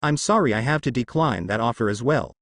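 A man playing a tall, deep-voiced fighter who answers in a curt, unbothered way, with a lively pitch. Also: fairly quick, no room sound, studio quality, natural voice. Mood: bored, blunt.

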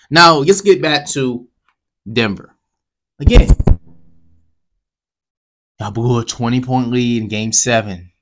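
A man giving a casual basketball commentary rant as a vlogger, talking straight to his viewers and swinging from low mutters to loud outbursts. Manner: heated, talks straight to viewers.

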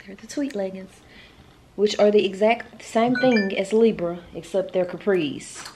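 Talking to camera in her daily vlog, this middle-aged woman is relaxed and chatty, though she gets loud and excited at times. Her lowish voice keeps a moderate pace over a faint hiss or hum.

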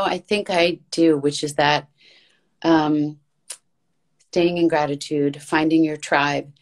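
Her low, darkish voice carries long, flowing runs as this voice actress, appearing as an interview guest, talks earnestly and chattily about her work in a casual conversation.

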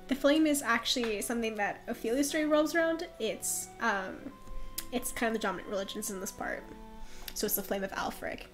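A woman's voice: a little high, expressive, brisk, faint music behind. A young woman streaming a game, chatting, laughing often and reading character lines aloud, with a nasal, congested voice. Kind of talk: game let's play, reading dialogue aloud.

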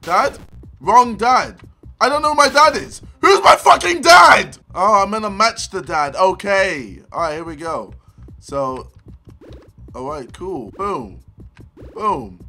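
A young British man commentating on a video game, crude, loud and laughing, with sudden shouted outbursts. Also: sits high, sing-song, slow, pauses often, faint music behind, rough recording. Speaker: gaming YouTuber. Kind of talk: gameplay commentary.

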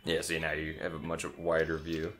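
A man's voice: rumbling low, normal speed, faint music behind. A man co-hosting a video game playthrough, chatting casually and teasing his partner with easy laughs. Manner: relaxed, teasing, laughs often. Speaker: let's play co-host. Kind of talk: casual gameplay chat.

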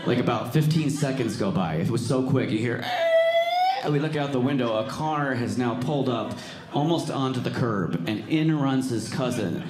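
Male stand-up, mid pitch, animated storyteller, roomy stage mic with faint hiss. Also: normal speed, crowd noise. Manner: animated, builds to excited shouting. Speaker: stand-up comedian. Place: comedy stage.

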